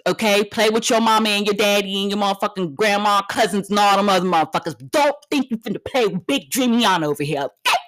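A woman's voice: medium pitch, fast, a bit bright. Female podcast host, 30s: brash, profane comedic rant, blunt and emphatic, repeats lines for effect. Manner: blunt and confrontational.

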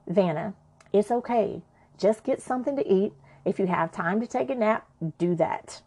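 A woman voicing a patient adult woman friend who talks calmly and reassuringly. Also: medium pitch, moderate pace, close to an everyday voice. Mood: calm, soothing. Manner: calm and reassuring.

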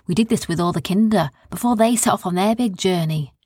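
A woman voicing a small, kindly male creature who gently explains a tradition, in a storybook reading. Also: medium pitch, a little fast, husky, no echo, studio quality, lightly acted. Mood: encouraging. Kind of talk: storybook character voice.

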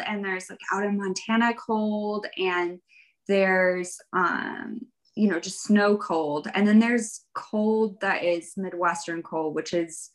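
A woman's voice: medium pitch, poor audio. A woman guest in a casual interview, telling her story in a rambling, chatty way with light laughs. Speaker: guest, fiber arts professional.

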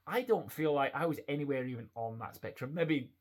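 Male podcast host, casual storyteller, lively and rambling, restarts often. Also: medium pitch, brisk. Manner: chatty, animated anecdote with quoted voices and many restarts. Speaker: retail manager.

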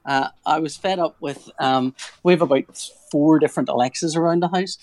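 A man's voice: on the high side, a little fast, darkish tone, dry recording. A man in his forties, a comic artist talking casually in an interview, rambling and restarting his sentences with a joking streak. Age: 40s. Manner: rambling, self-interrupting, jokey.

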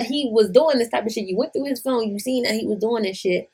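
A woman's voice: mid-range voice, expressive, fairly quick, hardly any pauses, husky. A young woman hosting a podcast, reading a listener's story aloud and reacting bluntly, swearing freely. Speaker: podcast host. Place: lives in Atlanta.

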